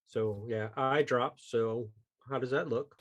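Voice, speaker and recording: A man's voice: mid-range voice, slow pace. A man running a tabletop game as game master, talking in a loose, rambling way with many fillers and chuckles.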